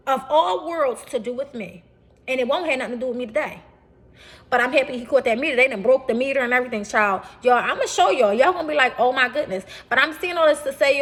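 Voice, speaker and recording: A young adult woman talks straight to her viewers in a casual vlog. Her voice sits a bit high. She is animated, keeps repeating her points, and keeps calling her audience y'all. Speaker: vlogger. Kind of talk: casual talk to camera.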